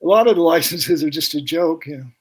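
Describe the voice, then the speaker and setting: An older man appears as a podcast guest, a pyrotechnic technician, casually rambling through anecdotes and putting on voices for the people he quotes. His voice is a little high and darkish, and he talks fairly quickly.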